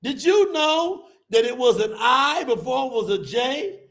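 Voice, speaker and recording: A man preaching with fire to a live audience, emphatic and colloquial, calling out to the crowd as y'all and bursting into shouts. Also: extremely high pitch, animated, measured pace. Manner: colloquial, addresses listeners as y'all. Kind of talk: fiery sermon to a live audience.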